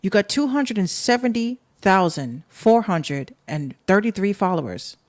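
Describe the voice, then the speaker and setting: A woman's voice: medium pitch, lively intonation, a little slow, darkish tone, no room sound. A woman from the Bronx with a New York accent, hosting a podcast in a blunt, profane, sarcastic rant aimed at her listeners. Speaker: podcast host.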